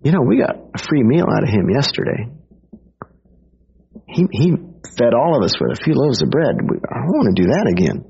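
Incredulous, grumbling Pharisees, as a husky-voiced preacher puts them on, their voice swooping high in disbelief. It sounds dull and lo-fi, like an older recording. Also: male voice, huge pitch swings, moderate pace, long pauses, dark tone, full character voice. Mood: indignant. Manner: incredulous, exaggerated pitch leaps. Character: grumbling crowd of Pharisees, male adults.

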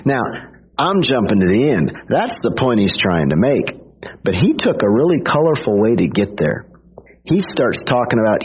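A man preaching a casual storytelling sermon, husky-voiced and animated, breaking into little acted quotes. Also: mid-range voice. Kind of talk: conversational sermon. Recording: dull lo-fi recording.

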